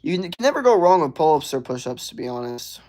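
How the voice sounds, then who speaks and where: A young man streaming live, reading out viewer comments in a relaxed, drawling way, often saying "bro" and "hell yeah.". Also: fairly high pitch, quick pace. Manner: laid-back, drawling, says "bro" and "hell yeah" a lot. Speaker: livestreamer. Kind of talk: casual livestream chat reading viewer comments.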